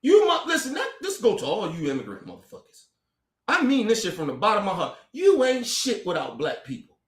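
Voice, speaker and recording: A man's voice: high voice, wildly swooping pitch, a little fast. A man delivering a heated, confrontational rant to camera, cursing and repeating his words as he stumbles over them. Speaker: commentator. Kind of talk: angry profane rant to camera. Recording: echoey room.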